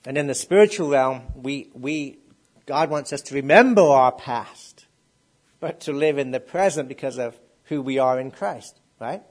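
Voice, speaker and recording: A man's voice: medium pitch, unhurried. A middle-aged man preaching a sermon. He asks the congregation questions and builds up to emphatic declarations.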